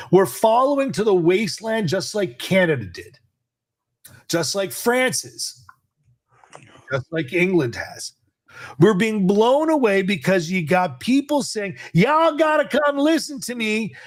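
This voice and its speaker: A middle-aged man hosting a podcast, ranting indignantly in political commentary. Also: high-pitched. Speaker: podcast host.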